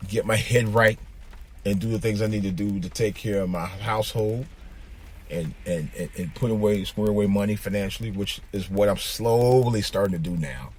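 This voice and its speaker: A man's voice: fairly low pitch, normal speed, a little mellow. A man hosting his own podcast, talking casually from his car. He rambles and repeats himself, with plenty of fillers. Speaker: podcast host. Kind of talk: casual monologue. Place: in a car, driving.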